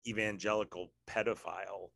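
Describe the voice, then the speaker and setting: A man's voice: fairly low pitch, fairly even intonation, fairly quick, gravelly, fairly bright tone. A man hosting a casual podcast chat with his sister, talking in a wry, rambling way with sarcastic asides. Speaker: podcast host.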